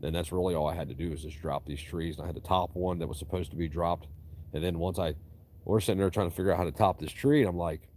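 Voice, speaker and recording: Deep-voiced profane man. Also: fast talker, a little mellow. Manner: profane, rambling, drawling storyteller. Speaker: tree cutter vlogging. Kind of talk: casual rambling monologue.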